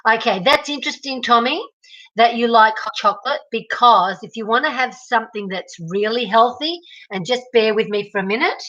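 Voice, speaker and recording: On a casual kitchen livestream, an Australian woman reads viewer comments and greets people by name. Her voice sits on the high side at a normal speed, bright and forceful, though the audio is dull.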